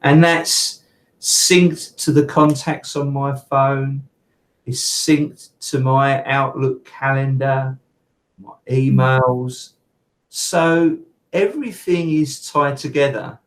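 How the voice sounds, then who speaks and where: A man's voice: mid-range voice, fairly even intonation, slow pace, rough recording. A man talking as a podcast guest in casual conversation, rambling with fillers and restarts.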